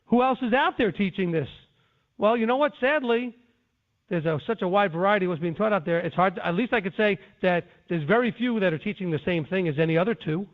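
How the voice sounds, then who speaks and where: A man's voice: high-pitched, brisk. A man teaching scripture in an earnest, defensive lecturing way, with frequent restarts. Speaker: Bible teacher. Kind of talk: conference-call teaching. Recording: tinny phone line.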